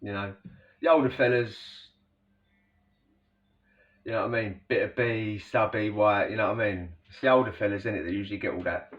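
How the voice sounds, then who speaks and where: A man talks in a low, easy voice, rambling through a story with slang and constant asides to the listener. He sits a little way back from the mic, and the recording sounds dull and lo-fi. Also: steady tone, fairly quick, long pauses, recorded from a distance. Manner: rambling, slangy, full of "you know" asides. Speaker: storyteller recounting prison life. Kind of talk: casual spoken storytelling.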